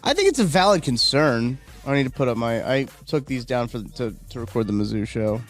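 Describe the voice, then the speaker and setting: Faint music plays behind a man hosting a live stream, his mid-range voice brisk and lively in intonation. He chats casually and rambles through viewer comments, reacting to the chat and yawning as he goes.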